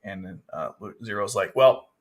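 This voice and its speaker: A man's voice: on the low side, lively intonation, moderate pace. A man casually reviewing a manga chapter, rambling, with frequent restarts. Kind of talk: casual commentary.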